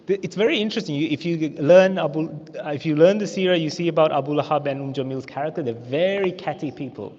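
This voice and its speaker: A man's voice: on the high side, fast talker, hardly any pauses, a little hiss or hum. Australian man teaching in an echoey mosque hall. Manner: animated storyteller acting out quotes. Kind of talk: storytelling religious lesson. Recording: echoey hall, muffled lo-fi sound.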